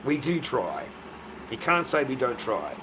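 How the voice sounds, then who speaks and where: A man's voice: mid-range voice, wildly swooping pitch, a little slow, noisy background. An older Australian man talking casually on a livestream, blunt and repetitive, swearing often as he vents.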